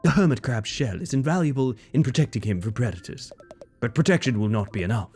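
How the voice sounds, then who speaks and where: A man voicing a grave male nature documentary narrator over a game, measured and solemn. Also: mid-range voice, a little mellow, slightly rough, soft background music.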